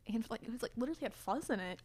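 A woman's voice: a little high, very fast, slightly rough. A young adult woman telling a story in a casual chat and acting out what people said. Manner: animated, quotes people in lively voices.

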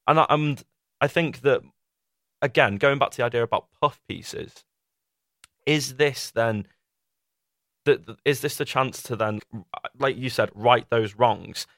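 A man's voice: mid-range voice, a little slow, pauses often, fairly bright tone, dry recording, studio quality. A man, co-hosting a review podcast, making his case in casual debate and acting out quoted voices. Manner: argumentative, acts out quoted voices. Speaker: podcast co-host reviewing a documentary.

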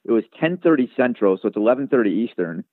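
A man's voice: mid-range voice, lively intonation, quick pace, no room sound. A man guest telling a long story in a casual interview, rambling with many fillers and restarts. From Chicago area. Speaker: guest, sports radio producer. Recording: tinny phone-like line.

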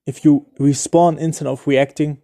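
A man's voice: on the high side, steady tone, moderate pace, gravelly, mellow. A man who is not a native English speaker, hosting a solo podcast and giving dating advice in a loose, explanatory way, often restarting and searching for words. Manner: loose, explanatory, full of "like" and "okay?". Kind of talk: casual solo podcast talk.

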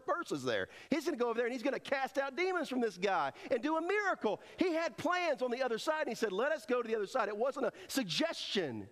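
A man's voice: high voice, big-room sound. A man preaching a sermon as pastor, driving his points home with emphatic rhetorical questions.

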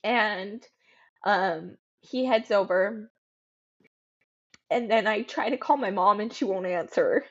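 Halting, emotional woman telling her story. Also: medium pitch, lo-fi sound. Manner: halting, emotional, frequent ums and restarts. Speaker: podcast guest. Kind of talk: personal storytelling.

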